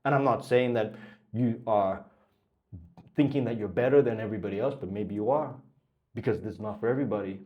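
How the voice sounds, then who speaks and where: A man's voice: fairly low pitch, fairly quick, pauses often, muffled recording, a little hiss or hum. A man coaching traders in a blunt motivational talk. He swears freely and keeps pushing the listener with repeated questions. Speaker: trading coach.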